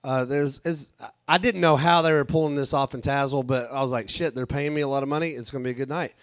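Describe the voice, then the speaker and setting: A man, telling a profane, animated stand-up story at a live show. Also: mid-range voice, fast, dry recording. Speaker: stand-up comedian. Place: live show with a small audience.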